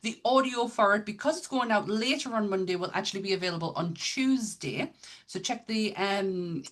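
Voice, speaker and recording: A woman from Sunderland hosts a relaxed podcast chat. Her northeast English accent is plain, and her pitch sits in the middle. She talks easily and chattily. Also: moderate pace. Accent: Sunderland, northeast England. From Sunderland, England. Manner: chatty, wraps up the episode. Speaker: podcast host. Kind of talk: casual interview chat.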